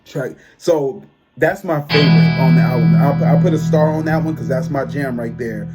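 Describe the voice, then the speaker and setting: A man, giving a chatty, expressive album review that often trails off and restarts. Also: medium pitch, moderate pace, loud music behind the voice. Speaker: tarot reader and music reviewer. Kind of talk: casual album review monologue.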